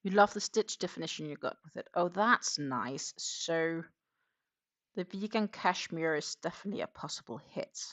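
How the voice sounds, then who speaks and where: A woman hosting a crochet livestream, chatting in a relaxed, rambling way while she works. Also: fairly low pitch, normal speed. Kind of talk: casual livestream chat.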